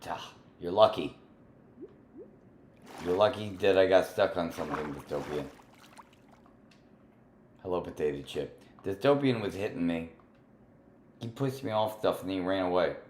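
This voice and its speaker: A man hosting a casual gaming livestream, playfully teasing and bantering with other players, drifting between sing-song chatter and soft murmuring. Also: sits low, lively intonation, a little slow, long pauses. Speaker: livestream host. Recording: roomy echo with faint background noise.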